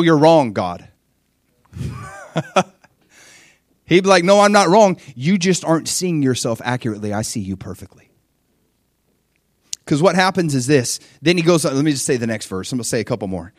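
Animated preacher man, dry sound. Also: moderate pace, long pauses, dry recording. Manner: animated, acts out voices with high-pitched exclamations. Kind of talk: sermon.

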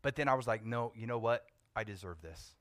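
A young man preaching, telling a personal testimony with animated storytelling that swings from hushed to loud. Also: medium pitch, a little fast, dry recording, clean studio sound. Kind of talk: testimony sermon.

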